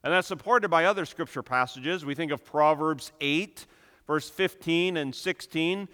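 A man preaching a sermon with emphatic delivery, building to loud, impassioned peaks. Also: fairly high pitch, a little slow. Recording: long reverb of a hall.

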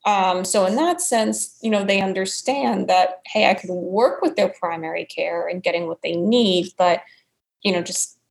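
A woman's voice: medium pitch, normal speed, vocal fry, low-quality recording. A woman with a New York accent, a naturopathic doctor explaining her work as an interview guest, peppering her talk with "you know". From United States. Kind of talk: conversational interview answers.

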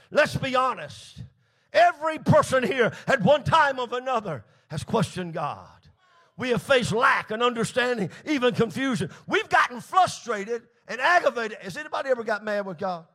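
A man preaching an impassioned sermon as pastor, often shouting out his lines. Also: very high-pitched, animated, moderate pace.

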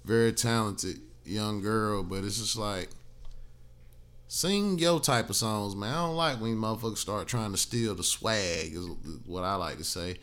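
A man's voice: fairly low pitch, a little slow, a bit bright. Blunt, profane man ranting solo. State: tired, yawning. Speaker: podcast host. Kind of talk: solo podcast commentary.

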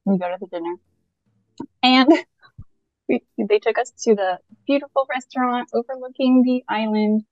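Woman guest from Canada telling an animated anecdote, laughing often; dull lo-fi recording. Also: fairly high pitch, moderate pace, pauses often, dry recording. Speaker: podcast guest. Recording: muffled lo-fi, faint music.

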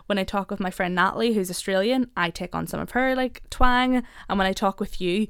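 A young woman with a Northern Irish accent that drifts a little American, chatting on a podcast with quick asides and frequent laughs. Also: mid-range voice, fairly bright tone, clean tone, no echo, clean studio sound. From Northern Ireland. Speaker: podcast co-host. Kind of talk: casual podcast chat.

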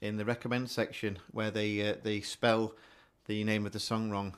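A man's voice: on the low side, little pitch movement, moderate pace, clean tone. A man co-hosting a radio show, chatting casually and rambling, correcting himself mid-sentence. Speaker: radio co-host. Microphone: studio mic with headphones.

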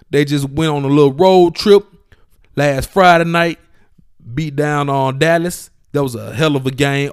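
Animated male sports podcast host. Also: on the high side, clean tone, no room sound, clean studio sound. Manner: animated, slangy, talks straight to listeners. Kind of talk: casual sports podcast monologue.

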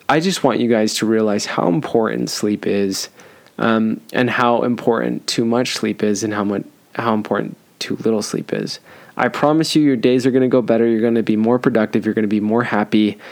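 Casual, joking young man hosting a podcast. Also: medium pitch. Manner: loose and joking, with frequent ums and restarts. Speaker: podcast host. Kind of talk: casual solo podcast advice.

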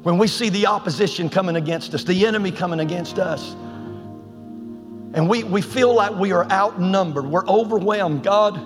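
A man preaching a sermon to his church, telling a Bible story in a lively, colloquial way. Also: sits high, normal speed, in a large hall, faint music behind.

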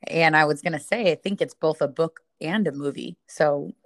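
A woman hosting a company podcast, asking friendly, brisk questions. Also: low-pitched, no echo, clean studio sound. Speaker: podcast host. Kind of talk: casual interview hosting.

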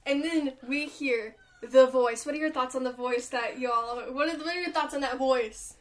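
Brief: young woman podcast co-host, very high voice, excitable and gushing. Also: normal speed, slight background noise. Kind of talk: casual chat.

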